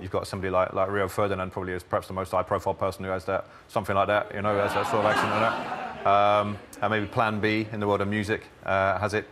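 A man's voice: fairly low pitch, a bit bright, a little hiss or hum. A man, a studio guest, chatting and explaining things with jokes and asides. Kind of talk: casual studio chat.

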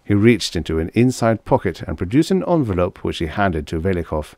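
A man narrating a vintage science fiction story in an even, measured reading. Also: low voice, dry recording, studio quality. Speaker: audiobook narrator. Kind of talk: scripted narration.

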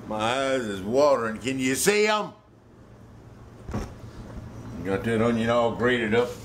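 A man's voice: medium pitch, expressive, moderate pace. Cajun guy cooking at home, cussing and joking around, kitchen noise all over the track. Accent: Louisiana Cajun. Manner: folksy, joking, swears freely. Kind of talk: casual cooking demonstration.

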